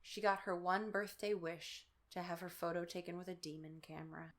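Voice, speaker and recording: A woman's voice: on the low side, level tone, moderate pace, fairly bright tone. A tipsy woman reading a children's horror book aloud with sarcastic running commentary. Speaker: host. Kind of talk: drunk comedic book reading.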